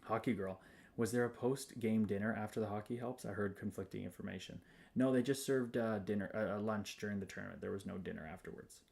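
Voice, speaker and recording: A man's voice: lowish voice, fast talker, creaky, darkish tone. A man hosting a casual livestream, greeting viewers by name and reading their comments in an upbeat, spiritual way. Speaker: livestream host.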